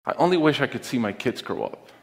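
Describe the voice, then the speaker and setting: Middle-aged man, mid-pitched voice, earnest heartfelt talk on stage, long auditorium reverb. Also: sing-song, gravelly, a little hiss or hum. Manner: deliberate, earnest, heartfelt delivery with pauses. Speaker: conference speaker. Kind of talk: personal storytelling talk on stage.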